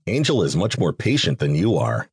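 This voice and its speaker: Man reading a wry, teasing vampire sidekick in a lively, husky voice. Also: sits low, normal speed, no echo, studio quality, heavily acted. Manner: sarcastic and teasing. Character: sarcastic teasing vampire companion.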